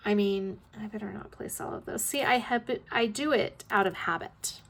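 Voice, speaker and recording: A woman's voice: mid-range voice, normal speed. A woman in her fifties chatting casually in a rambling way, tired and yawning, her throat a little scratchy. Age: 50s. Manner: rambling, chatty, with frequent ums and yawns. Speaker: vlog host. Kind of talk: casual chat while crafting.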